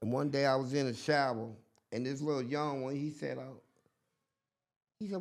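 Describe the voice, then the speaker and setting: A man's voice: a little high, fairly quick. An older man telling a story in casual chat, acting out the people he quotes. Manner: animated, acts out quotes in different voices. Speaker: guest.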